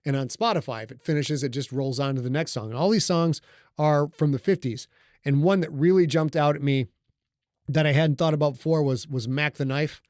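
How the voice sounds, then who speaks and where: A man's voice: on the high side, a little mellow, no echo, clean studio sound. A middle-aged man hosting a casual livestream, talking loosely and joking with his audience. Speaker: livestream host and author. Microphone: studio microphone.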